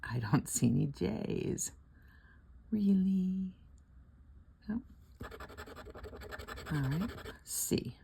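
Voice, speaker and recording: Gravelly low-voiced older woman chatting. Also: lively intonation, drawn-out words, pauses often, mellow, slight background noise. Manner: chatty and rambling, laughs often, murmurs letters half under her breath. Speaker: scratch-off lottery vlogger. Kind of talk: casual chat while scratching tickets.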